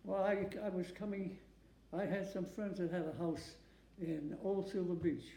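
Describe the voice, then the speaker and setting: A man in his nineties from Massachusetts, a war veteran giving an oral history interview at home, who speaks haltingly, repeats words and often asks for questions again. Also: high-pitched, steady tone, dark tone. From Massachusetts, USA. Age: 90s. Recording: echoey room.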